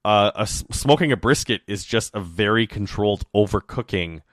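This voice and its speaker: A man's voice: on the low side, lively intonation, normal speed, no echo, studio quality. A young adult man co-hosting a podcast, chatting casually with musing asides. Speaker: podcast co-host. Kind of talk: casual chat.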